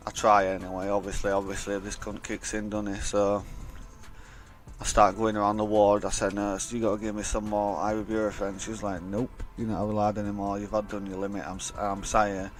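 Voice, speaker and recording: A man's voice: on the low side, monotone, brisk, faint music behind. Sweary young guy telling a story. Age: young adult. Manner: blunt, sweary, rambling. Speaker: vlogger. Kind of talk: casual storytelling.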